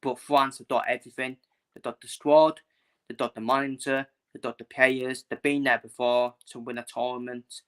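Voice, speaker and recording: Blunt, bright-voiced English football vlogger. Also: male voice, medium pitch, level tone, brisk, hardly any pauses, clean tone. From England. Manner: blunt, repetitive, emphatic. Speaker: football channel host. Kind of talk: casual ranting match preview.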